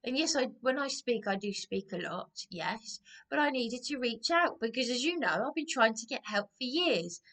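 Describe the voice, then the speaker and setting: A woman's voice: on the high side, lively intonation, moderate pace, few pauses, a bit bright. A woman ranting about personal grievances in a rambling, agitated way, often repeating herself. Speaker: vlogger. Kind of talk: aggrieved personal rant to camera.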